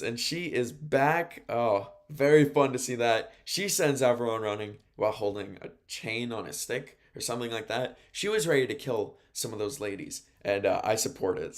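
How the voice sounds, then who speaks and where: A man hosting a casual show, recapping wrestling from his notes in a chatty, rambling way and laughing at his own mistakes. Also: mid-range voice. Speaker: radio host.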